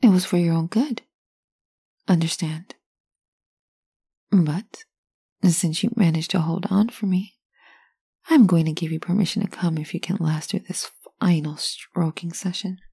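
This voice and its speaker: A woman in a whispered role-play, speaking in a teasing, commanding way with a breathy whisper. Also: fairly low pitch, steady tone, unhurried, long pauses, mellow, no room sound.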